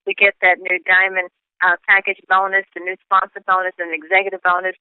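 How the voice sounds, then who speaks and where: A man's voice: high voice, completely flat delivery, a little fast, clean tone, no room sound. A man hosting a conference call in an encouraging, sermon-like manner. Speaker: call host. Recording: phone line.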